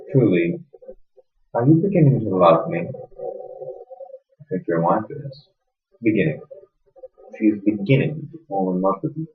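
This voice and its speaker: A man with a lowish voice acts out a stage drama scene as a smug, sadistic middle-aged interrogator. He sneers and shifts between quiet menace and abrupt loudness. The recording is roomy and dull.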